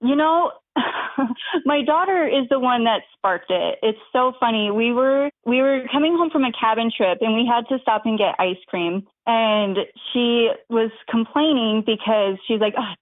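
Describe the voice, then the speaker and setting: A woman's voice: fairly high pitch, a little slow, no room sound. A woman in her thirties, an author guest, chatting in a bubbly, chatty way. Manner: bubbly, chatty, laughs often. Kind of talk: casual interview chat. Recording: tinny phone line.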